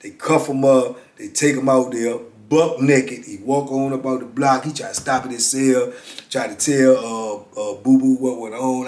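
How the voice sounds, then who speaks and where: Animated storytelling man in an echoey room. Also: medium pitch, normal speed. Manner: animated, vivid street storytelling with frequent "you know what I'm saying". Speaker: former prisoner telling prison stories. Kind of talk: casual storytelling monologue. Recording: roomy echo.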